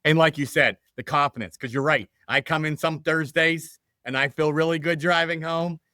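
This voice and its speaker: A man hosts a casual interview in an earnest, agreeable way, picking up his guest's points and restating them. His voice is bright and forward. It is recorded dry and close. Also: on the high side, fairly even intonation, normal speed, dry recording. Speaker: podcast host.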